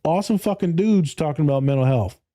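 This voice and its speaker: A male therapist talking on a podcast in a blunt, profane way. He laughs often and mimics his clients in higher voices. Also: expressive, quick pace, warm tone. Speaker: therapist and speaker. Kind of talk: casual podcast conversation.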